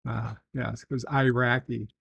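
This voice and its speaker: A middle-aged man hosting a casual livestream. He reads chat messages aloud, then answers softly with dry, rambling humor. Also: medium pitch, flat delivery, unhurried, gravelly, husky, no echo, highs cut off. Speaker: livestream host reading chat.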